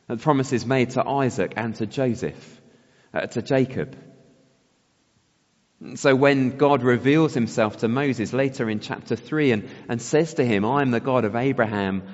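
A man preaching a sermon, reflective and often asking his listeners rhetorical questions. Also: mid-range voice. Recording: long hall reverb, dull sound.

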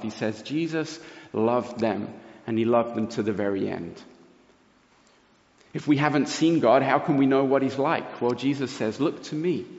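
A man preaching a sermon, telling a personal story in an earnest, lively way. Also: mid-range voice. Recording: roomy hall reverb, dull lo-fi sound.

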